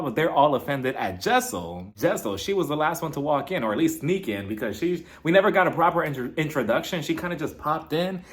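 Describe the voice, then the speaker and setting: A man's voice: fairly high pitch, a little fast. A man giving a casual, gossipy recap of a reality show, acting out the cast members' lines as he goes. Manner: gossipy, animated, acts out cast members' quotes.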